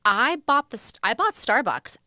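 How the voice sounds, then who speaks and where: Animated, bright-voiced woman telling a story. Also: a little high, normal speed, dry recording, clean studio sound. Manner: animated, swearing, lots of "like". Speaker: podcast guest. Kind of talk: casual storytelling chat.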